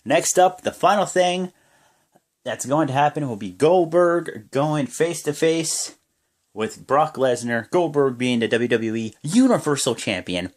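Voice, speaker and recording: A young man casually recapping a wrestling show as a vlogger, in rambling play-by-play with lots of fillers and sudden bursts of excitement. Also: on the high side, measured pace.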